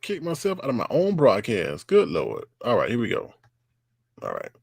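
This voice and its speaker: A man's voice: mid-range voice, wildly swooping pitch, normal speed, vocal fry, husky, no room sound, clean studio sound. A man hosting a casual live online show, ranting and mocking the people he talks about, recorded on a computer mic. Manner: ranting, mocking impressions of others. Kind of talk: casual livestream commentary.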